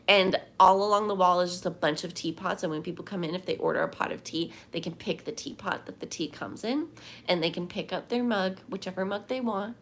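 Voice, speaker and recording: A woman's voice: on the low side, fairly bright tone. A woman livestreaming from home, chatting casually and rambling as she answers viewers' comments. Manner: chatty, rambling, reads chat aloud.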